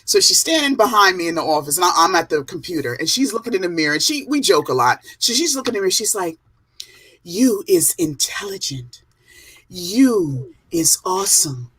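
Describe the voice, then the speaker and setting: A woman's voice: fairly low pitch, racing, hardly any pauses, husky, dry recording. A woman and mother in casual chat on a video call, telling playful stories. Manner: lively, playful storyteller.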